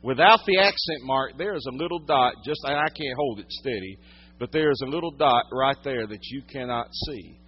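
A man preaching a sermon, teaching from the Bible, swinging from loud emphatic lines to hushed quiet ones. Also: medium pitch, moderate pace, breathy edge, dull audio. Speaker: pastor.

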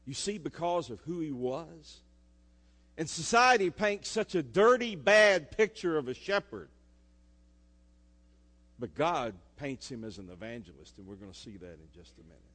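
A male pastor, preaching a sermon and swinging between loud emphasis and soft asides. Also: a little high, sing-song, moderate pace. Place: church sanctuary. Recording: echoey church hall.

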